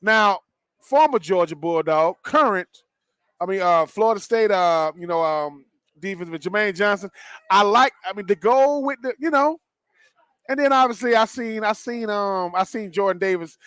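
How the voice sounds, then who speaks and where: A man co-hosting a live sports talk show, animated and playful, with slangy, repetitive speech. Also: high voice, normal speed, no echo. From Southern US. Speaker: co-host and former player.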